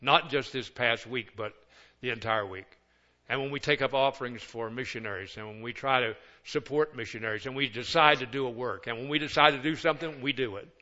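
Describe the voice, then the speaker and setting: A man's voice: medium pitch, brisk, pushed and bright, highs cut off. An older man, a pastor of many years, preaching a sermon with folksy, joking asides.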